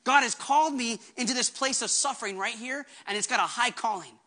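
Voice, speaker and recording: A male pastor preaching a sermon with earnest, impassioned conviction and quick asides. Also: extremely high pitch, pushed and bright.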